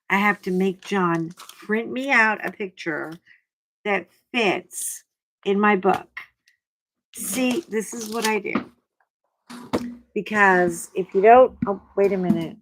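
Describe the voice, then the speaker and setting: Slow, rambling older woman chatting. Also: medium pitch, poor audio. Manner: chatty, rambling and self-deprecating. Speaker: craft channel host. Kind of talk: casual chat to camera. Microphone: clip-on mic that keeps bumping.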